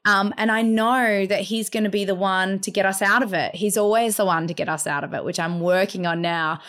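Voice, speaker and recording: A woman's voice: medium pitch, steady tone, a little fast, a bit bright. A woman co-hosting a podcast, telling a story about her family in a chatty way. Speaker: podcast co-host. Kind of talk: casual conversational interview.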